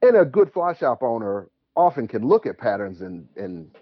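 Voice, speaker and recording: This man's medium-pitched voice has a breathy edge; the recording is echo-free, with the top end clipped. Calling in to a show, he chats away through casual stories, animated and ready to laugh.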